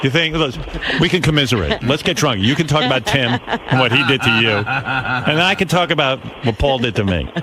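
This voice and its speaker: An older man holds forth on a talk radio show, spinning an anecdote and slipping into other people's voices as he goes. His pitch swings widely and he sounds right at home in the studio. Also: fairly quick, crowd noise. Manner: animated storyteller acting out quoted voices. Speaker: radio host. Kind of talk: casual radio storytelling.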